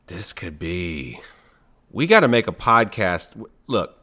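Low-voiced man rambling on a podcast. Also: sing-song, takes it slowly, sharp tone. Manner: rambling, playful, trails off. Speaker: podcast co-host. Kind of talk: casual chat.

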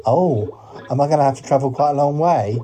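A man's voice: mid-range voice, brisk, dark tone, lightly acted. A man voicing a cheerful, polite talking duck that adds quack, quack, quack to his sentences. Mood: eager. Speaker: podcast character.

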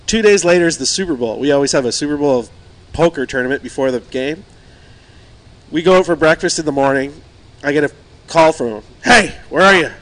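A man's voice: on the high side, brisk, fairly bright tone. A man telling a long story among friends in casual chat, acting out the quotes, laughing often and swearing freely.

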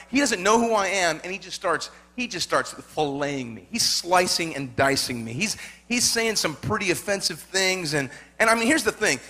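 Male pastor, high bright voice, lively storytelling sermon, calls for amens. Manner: animated storytelling, repeats words, asks congregation for amen.

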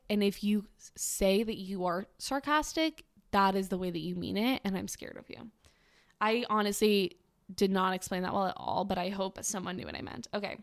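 Young woman podcaster, dry sarcastic running commentary. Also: medium pitch. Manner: sarcastic, wry, mocking. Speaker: podcast host.

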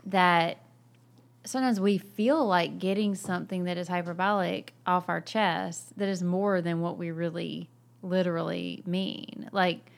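Woman explaining thoughtfully, lower voice. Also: steady tone, a little slow, gravelly. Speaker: book discussion co-host. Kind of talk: casual chat.

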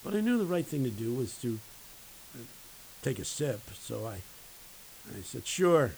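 A man who teaches at a university, preaching a sermon with emphatic, folksy storytelling and dramatic pauses. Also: medium pitch, sing-song, vocal fry, dark tone, a little hiss or hum, poor audio.

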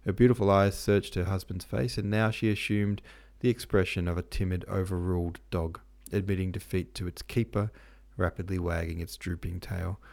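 Deep, gravelly male storyteller. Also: normal speed, few pauses. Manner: slangy, relaxed. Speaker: podcast host and reader. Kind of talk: casual modern retelling of a classic novel.

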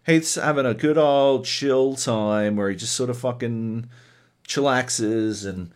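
A man co-hosting a casual gaming podcast, telling profane, animated stories about multiplayer sessions. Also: mid-range voice, slow pace. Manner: profane, animated storytelling with lively put-on voices. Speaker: podcast co-host.

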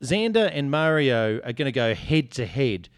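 Man, podcast host, playful ribbing delivery, mid pitch, dry close recording. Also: very animated, normal speed, smooth, no room sound. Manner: joking, teasing, reads listener reviews aloud. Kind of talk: casual chat.

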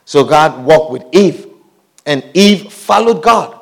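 A man preaching a sermon in an animated way, calling out hallelujah and amen and asking the congregation questions. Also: a little high, slow, gravelly.

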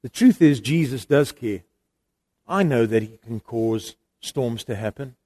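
A middle-aged man preaching, telling a family story in an animated way that swings from loud emphasis to quiet, intimate moments. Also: mid-range voice, unhurried. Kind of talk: sermon storytelling.

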